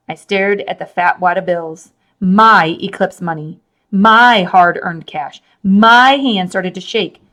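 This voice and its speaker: Expressive woman reading a chapter book. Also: on the low side, takes it slowly. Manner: animated, expressive storytelling. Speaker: storybook reader.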